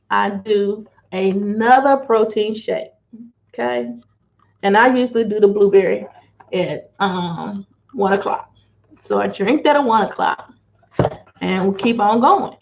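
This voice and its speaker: Slow-talking chatty woman, dull lo-fi sound. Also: medium pitch, creaky, slight background noise. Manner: chatty, unhurried, showing food items to camera. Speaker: financial wellness coach sharing diet vlog. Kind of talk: casual chat. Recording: dull lo-fi home video audio.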